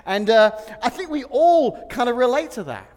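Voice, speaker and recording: A pastor preaching a sermon, telling humorous personal stories and laughing often. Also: male voice, extremely high pitch, lively intonation, normal speed, a little mellow. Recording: long hall reverb.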